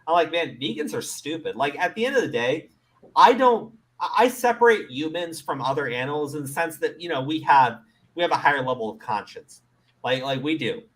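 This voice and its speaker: A man's voice: a little high, brisk. A man hosting a casual commentary show, ranting with lots of swearing, stammered restarts and frequent laughter. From Middle East. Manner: profane, animated, laughs often, stammers on restarts. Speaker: commentary host.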